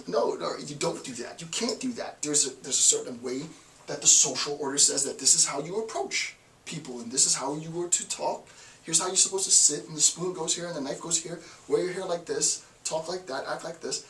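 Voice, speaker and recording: A man giving an informal philosophy lecture, emphatic and forceful, often checking in with "right?". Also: fairly high pitch, brisk, a little hiss or hum. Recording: echoey room, voice from far off.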